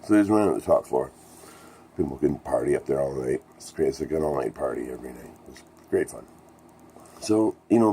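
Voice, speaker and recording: A middle-aged man with an extremely low, dark, mellow voice tells a band story in a casual vlog. He rambles, swears often and sounds thrilled by what happened. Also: slight background noise. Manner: rambling, profane, enthusiastic storyteller. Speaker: musician telling a band story.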